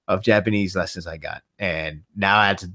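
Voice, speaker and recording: A man hosting a podcast in casual chat, laughing often and jumping between quick tangents. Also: low voice, bright, forceful tone. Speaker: podcast host.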